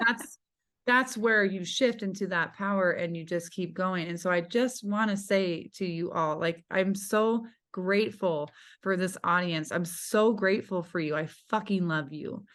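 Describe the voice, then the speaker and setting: A woman's voice: lowish voice, a little slow, fairly bright tone. A woman hosting a podcast, effusive and casual, swearing freely and peppering her talk with "like" and "you know". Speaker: podcast host.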